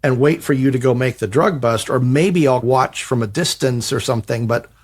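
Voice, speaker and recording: A man on a podcast telling a personal anecdote, animated and self-mocking. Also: medium pitch, normal speed, breathy edge. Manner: animated, self-mocking retelling that acts out quoted dialogue. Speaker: podcast co-host. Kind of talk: storytelling anecdote.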